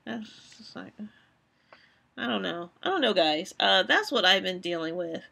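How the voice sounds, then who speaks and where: A woman's voice: mid-range voice, animated, moderate pace, vocal fry, pushed and bright, husky. A woman in her forties, talking candidly and rambling with frequent restarts as she hosts her own live stream. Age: 40s.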